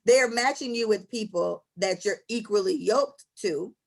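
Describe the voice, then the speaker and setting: A woman's voice: medium pitch, measured pace, vocal fry. A woman hosting a podcast in casual chat, telling stories bluntly with plenty of profanity and energy. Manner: blunt, animated storytelling with profanity. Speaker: podcast host.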